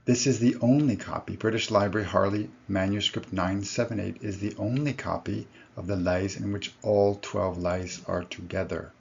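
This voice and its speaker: Gravelly low-voiced male lecturer. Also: steady tone, normal speed, hardly any pauses, darkish tone, highs cut off, slight background noise. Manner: explanatory, self-correcting. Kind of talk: recorded lecture.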